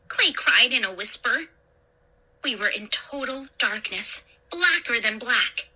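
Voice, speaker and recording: Woman storyteller, scary story narration, dramatic, very lively pitch, slow delivery. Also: husky. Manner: dramatic, expressive. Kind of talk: scripted horror story narration.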